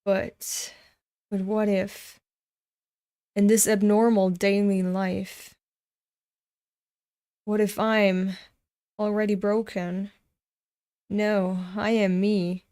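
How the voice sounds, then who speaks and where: A woman's voice: mid-range voice, little pitch movement, slow, pauses often, warm tone, clean tone. A woman in her twenties reading a comic aloud and ranting frankly about it, swearing freely. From Europe. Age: 20s. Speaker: webcomic reader and commentator.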